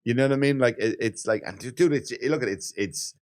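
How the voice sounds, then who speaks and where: A man in his thirties co-hosting a casual podcast chat, telling lively stories, acting out quoted voices and laughing often. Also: medium pitch, fast. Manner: animated storyteller, acts out quoted voices, swears and laughs often. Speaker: podcast co-host.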